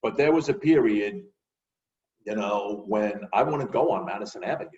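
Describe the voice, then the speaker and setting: A man telling lively stories in a casual conversation. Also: on the low side, moderate pace, distant mic, dull audio. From New York. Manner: animated, acts out voices in his stories. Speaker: guest.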